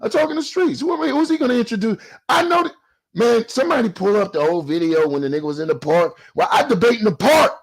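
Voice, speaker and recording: A heated man in his forties rants on camera in a profane street-preacher cadence. His voice sits high and swings widely, with a gravelly, husky grain. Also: expressive, fast talker. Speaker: YouTube commentator. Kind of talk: ranting response video.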